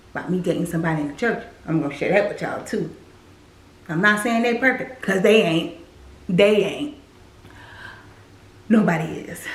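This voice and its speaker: A woman's voice: mid-range voice, roomy sound, poor audio. A woman casually sharing a personal faith testimony, speaking straight to her viewers and repeating phrases for emphasis. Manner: speaks directly to viewers as "y'all".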